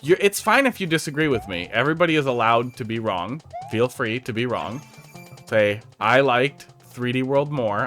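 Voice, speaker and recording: A man with a medium-pitched, somewhat bright voice reviews viewer-made game levels on a stream, faint game music behind him. His commentary is casual, sarcastic, jokey and chatty.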